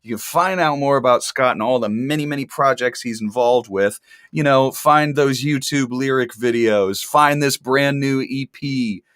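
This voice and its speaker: A man from Texas hosts a casual online talk show in an easygoing ramble. His humor is dry enough to pass for serious. His voice sits at a middle pitch and sounds close and dry. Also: normal speed, fairly bright tone, clear, resonant tone, no echo. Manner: chatty, dry sarcastic humor. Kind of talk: casual chat.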